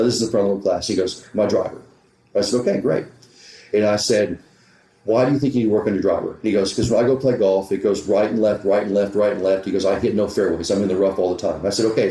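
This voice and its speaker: Man, golf coach, rapid storytelling, acts out dialogue, echoey room. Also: lowish voice, warm tone. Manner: retells conversations with quick back-and-forth dialogue. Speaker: golf teaching professional. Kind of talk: storytelling in a podcast interview. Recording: roomy echo.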